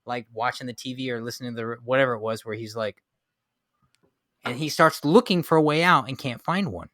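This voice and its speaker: A man's voice: mid-range voice, fairly quick, fairly bright tone, dry recording, studio quality. A man co-hosting a casual movie review podcast, building his arguments with examples. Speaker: podcast co-host.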